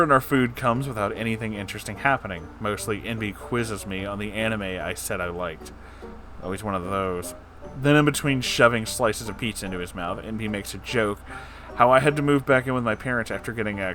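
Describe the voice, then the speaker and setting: Low-voiced male story reader, sarcastic asides, faint music underneath. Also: a bit bright. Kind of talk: comedic story reading with commentary.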